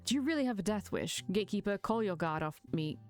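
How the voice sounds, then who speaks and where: A woman's voice: medium pitch, lively intonation, quick pace, a little mellow, faint music behind, natural voice. A woman reading the lines of a haughty, scheming young male prince in a visual novel, sarcastic and commanding.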